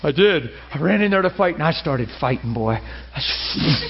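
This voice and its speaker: A man preaching a sermon, telling a personal story and acting out the dialogue with lively feeling. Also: a little high, moderate pace, gravelly. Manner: animated, acts out dialogue, laughs and cries while telling. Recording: muffled lo-fi recording with faint hiss.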